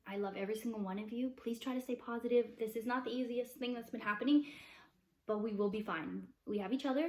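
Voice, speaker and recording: A woman's voice: fairly high pitch, fast, a little mellow, roomy sound. A woman, a mother vlogging, chatting upbeat to camera with plenty of fillers. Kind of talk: casual chat to camera.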